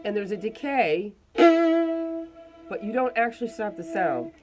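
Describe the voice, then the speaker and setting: A woman teaching a violin lesson, calmly explaining bowing technique step by step while demonstrating. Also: a little high, slow pace, soft background music. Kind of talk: casual instructional explanation.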